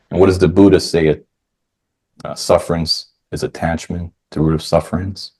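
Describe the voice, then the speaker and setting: A man's voice: low-pitched, normal speed, darkish tone. A man hosting a podcast, chatting casually and telling stories, often acting out what others said. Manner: chatty storyteller who acts out quoted voices. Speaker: podcast host. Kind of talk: casual conversation.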